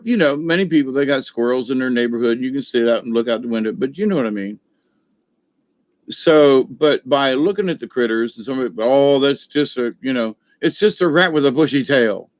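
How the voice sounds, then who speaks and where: An older man spins a loose, folksy story in a rambling monologue, his voice sitting at an average pitch. The sound is dry and close, with no room echo. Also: highs cut off. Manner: folksy, rambling, many fillers and restarts. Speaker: video host.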